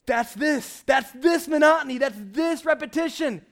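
A young man preaching a lively, conversational sermon from a church stage, shouting at times for emphasis. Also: very high voice, normal speed. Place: church stage before a congregation.

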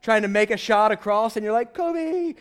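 A young man preaching a lively, conversational sermon from a church stage, shouting at times for emphasis. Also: sits high, fairly quick, clean tone. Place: church stage before a congregation.

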